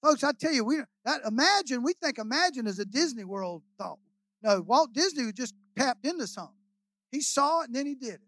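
A man, preaching as a guest pastor in a folksy, joking way, repeating phrases and swinging between quiet asides and loud shouts. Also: very high-pitched, lively intonation, a little fast, no echo. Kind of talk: sermon.

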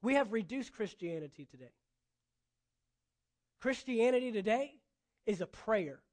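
Male pastor, high voice, preaching with punchy repetition. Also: expressive, a little slow, darkish tone. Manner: emphatic, repeating phrases for effect. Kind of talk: sermon.

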